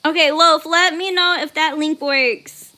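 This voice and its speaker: A young woman with a high, unhurried voice hosts a casual art stream and reads viewers' messages aloud. Her tone is bright and light, and she breaks into laughter and squeals easily. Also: steady tone. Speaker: art livestream host. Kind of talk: casual livestream chat while drawing.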